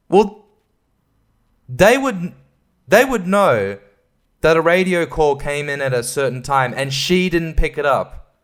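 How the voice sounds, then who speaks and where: A podcast host with a slightly high, somewhat bright, clean-toned voice rambles profanely in a casual film review rant. He stumbles and laughs between thoughts.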